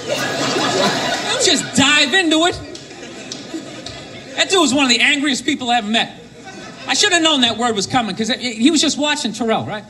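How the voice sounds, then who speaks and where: A male stand-up comedian doing an animated routine, shouting his punchlines in mocking bursts. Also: very high-pitched, moderate pace, pauses often. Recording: live club set with crowd laughter and noise. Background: audience laughing.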